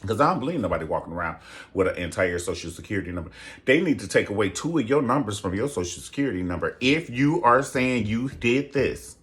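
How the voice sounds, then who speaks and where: A man hosting a casual gossip commentary show, sassy and theatrical, jumping into high falsetto exclamations. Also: lively intonation, fast, fairly bright tone. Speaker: show host.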